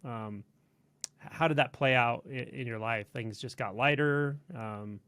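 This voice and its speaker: Male host, mid-pitched, gentle probing questions. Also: unhurried. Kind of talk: interview.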